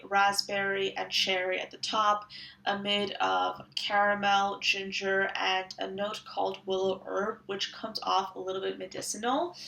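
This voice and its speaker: A woman's voice: mid-range voice, vocal fry, a bit bright, distant mic. A woman giving an enthusiastic, descriptive review of perfumes from her collection in a casual way. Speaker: fragrance reviewer. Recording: roomy echo, a little off-mic.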